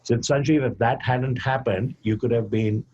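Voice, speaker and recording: Older man telling a measured, husky story. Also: mid-range voice, steady tone, a little mellow, highs cut off. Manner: measured storyteller who acts out quoted dialogue. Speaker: guest, physician. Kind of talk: storytelling in a podcast interview.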